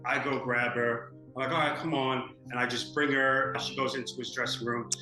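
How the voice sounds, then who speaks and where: A man's voice: mid-range voice, flat delivery, normal speed, sharp tone. A man giving a documentary interview, talking indignantly and animatedly with lots of fillers. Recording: echoey room with music underneath.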